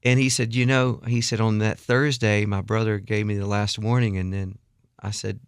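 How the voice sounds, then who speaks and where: A middle-aged man telling a story in a radio studio interview, animated and acting out the people he quotes. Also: on the low side, normal speed, clean tone, no room sound. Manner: animated storyteller, acts out quotes, laughs often. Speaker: guest songwriter.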